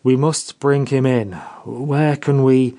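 A man reading aloud voices a grave army major who is bearing bad news, speaking in a hushed manner. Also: medium pitch, fairly even intonation, takes it slowly. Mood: hasty.

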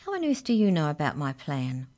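A woman's voice: deep voice, huge pitch swings, a little fast, darkish tone. A woman reading a children's story, voicing a sarcastic, scheming young girl who snaps at the others. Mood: snappish. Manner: snappish, sarcastic.

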